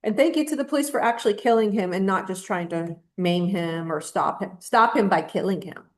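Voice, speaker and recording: A woman's voice: mid-range voice, a little fast. A woman co-hosting a casual opinion chat, talking in a blunt, emphatic, indignant way. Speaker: podcast co-host.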